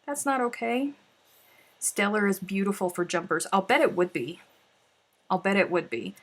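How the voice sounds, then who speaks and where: A woman hosts a casual craft livestream, chatting while she crafts and reading out viewer comments with sighs and laughs. Her mid-range voice has fairly even intonation and a moderate pace.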